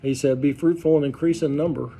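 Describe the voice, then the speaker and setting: A pastor leading an informal Bible study, talking conversationally and quizzing the group with questions. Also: male voice, a little high, fairly even intonation, quick pace, dark tone, husky. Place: church study group room.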